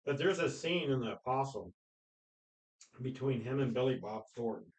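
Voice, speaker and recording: A man co-hosting a casual film discussion podcast, retelling movie scenes with animated energy, acting out quoted lines and laughing often. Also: mid-range voice, normal speed, low-quality recording. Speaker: podcast co-host.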